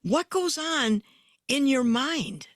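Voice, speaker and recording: A woman interviewer asking probing questions with curiosity, now slowing down, now speeding up. Her voice sits fairly high. The recording is dry and close. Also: animated, no room sound. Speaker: interviewer host. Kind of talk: interview conversation.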